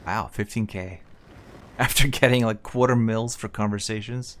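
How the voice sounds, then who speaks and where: A man's voice: on the low side, steady tone, normal speed. A man streaming a fantasy role-playing game, making wry, joking asides to his chat between stretches of dialogue. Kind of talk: casual gameplay commentary.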